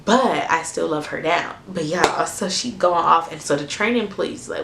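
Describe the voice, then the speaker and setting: A young woman, telling a story to her camera in a lively, cussing, chatty way. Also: sits low, normal speed, gravelly, reverberant, background noise. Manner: animated, swears freely, asides to viewers. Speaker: storytime vlogger.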